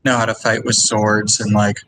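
A man's voice: lowish voice, level tone, normal speed, background noise. A man as game master, patiently explaining game rules to players.

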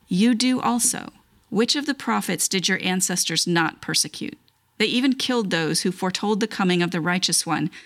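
A woman reading a long Bible passage aloud, then leading an earnest, measured spoken prayer. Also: on the low side, vocal fry, fairly bright tone. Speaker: scripture reader leading prayer.

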